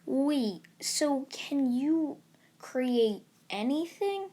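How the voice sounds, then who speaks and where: A woman's voice: high-pitched, expressive, very slow, mellow, exaggerated voice. A woman voicing a cheeky teenage boy hero who talks in a casual, teasing way. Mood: curious.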